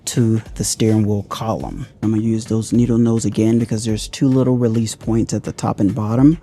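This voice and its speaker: A man's voice: fairly low pitch, steady tone, fairly quick, dark tone, a little hiss or hum. A man casually walking viewers through a hands-on car repair, thinking aloud as he works. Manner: thinks aloud while working, loose and conversational. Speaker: car DIY reviewer.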